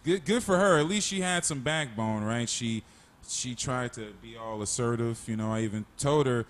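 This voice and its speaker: A man's voice: medium pitch, moderate pace. A man hosting a casual comedic chat, profane and jokey, slipping into voices for his stories. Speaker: podcast host.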